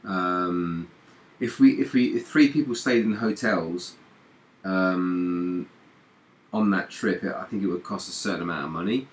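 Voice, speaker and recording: A man chatting casually on a live stream, rambling and repeating himself. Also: low-pitched. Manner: rambling, repeats words, laughs often. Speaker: DJ and stream host.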